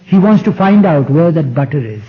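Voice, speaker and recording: A man's voice: fairly high pitch, animated, brisk, close to an everyday voice. A man voicing a clever royal minister who patiently explains to the emperor, in a dull old tape recording. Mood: explaining.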